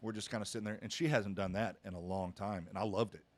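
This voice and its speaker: A man's voice: fairly low pitch, steady tone, fast talker. A middle-aged man, a pastor hosting a podcast, telling a family story earnestly with frequent restarts. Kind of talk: casual podcast conversation.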